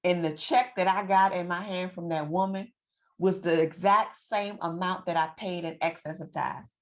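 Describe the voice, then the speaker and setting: A woman telling a personal story to her viewers in a lively, preacherly way, repeating phrases for emphasis. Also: fairly low pitch, normal speed. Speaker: financial coach and vlogger. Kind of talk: casual storytelling to camera.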